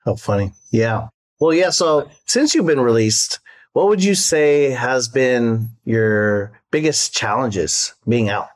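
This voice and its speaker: A man with a mid-range voice hosting a casual interview. He talks in a relaxed way, with short asides and measured questions. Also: medium pitch. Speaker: podcast host.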